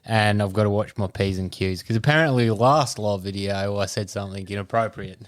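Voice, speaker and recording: An Australian man co-hosting a podcast, joking around and defending himself in a low mutter. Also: brisk, no echo, clean studio sound. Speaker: podcast co-host. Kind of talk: casual banter.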